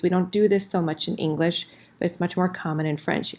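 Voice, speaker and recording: Woman teacher, lowish voice, casual explainer, slows for examples, typing in the background. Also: darkish tone. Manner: friendly, slows down for example phrases. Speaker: French teacher. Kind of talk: casual recorded lesson at a whiteboard.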